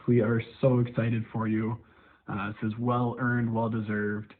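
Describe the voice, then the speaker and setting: A man's voice: medium pitch, flat delivery, a little slow. A man, the teacher's son, congratulates his mother on her retirement in a proud, loving and upbeat way. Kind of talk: recorded video tribute. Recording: tinny phone-like recording.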